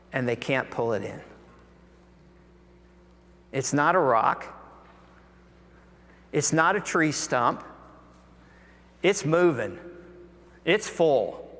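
Bright-voiced preacher in a big hall. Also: male voice, on the high side. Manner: animated, acts out the voices of the people in the story. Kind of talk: sermon storytelling. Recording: long hall reverb.

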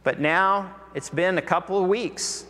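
A man preaches a sermon in a big church hall, and his voice carries a long reverb. His tone is bright and forceful, pitched a little high, and he tells the story with lively energy, acting out the voices of the people in it. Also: unhurried.

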